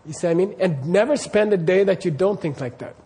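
A man's voice: sits high, fast talker, mellow. A man teaching Buddhist practice to a class, putting questions to the students and often checking that they follow. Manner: quizzes the class, keeps checking "you see what I mean?".

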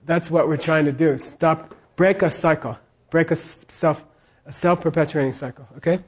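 A man's voice: on the high side, normal speed, husky. A man teaching a class on scripture, leading the students in repeating lines and checking in with them again and again. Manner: leads call-and-response repetition.

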